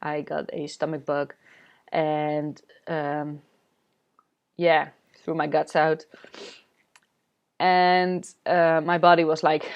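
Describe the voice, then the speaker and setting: Slow-spoken woman, candid vlog. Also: low-pitched, level tone, clear, resonant tone, dull audio. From Netherlands. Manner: halting, many fillers and restarts; candid, confessional. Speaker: spiritual coach. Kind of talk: personal vlog monologue.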